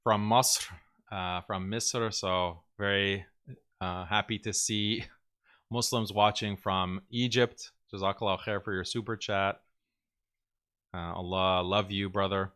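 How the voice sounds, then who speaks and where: Man, show host, casual livestream talk, blunt and opinionated, sarcastic mimicry, bright tense voice, clear resonant tone. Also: little pitch movement, takes it slowly. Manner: mocking, with sarcastic high-pitched mimicry of critics; blunt, opinionated, laughs while talking. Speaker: show host reading viewer super chats.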